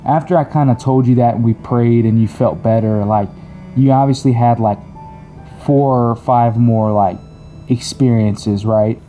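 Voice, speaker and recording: A young man talking earnestly with his wife, halting and full of fillers, in a casual heartfelt couple's chat. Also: mid-range voice, warm tone, faint music behind. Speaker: husband co-host of couple's channel.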